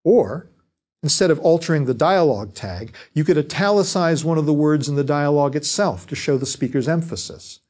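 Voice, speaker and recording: A man giving a scripted lecture on fiction writing, speaking in a measured, deliberate way. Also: a little high, expressive, a little mellow.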